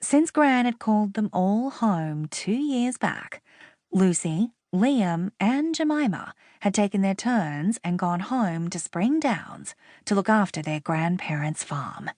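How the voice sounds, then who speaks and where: A woman narrating a romance audiobook in a measured, expressive reading on a close studio mic. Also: medium pitch, no room sound. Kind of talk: scripted narration.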